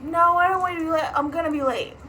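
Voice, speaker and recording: A woman's voice: extremely high pitch, fast, sharp tone, a little hiss or hum, voice pushed up. A woman voicing a fussy, overprotective woman driver who pleads in a sugary, fretful way. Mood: pleading.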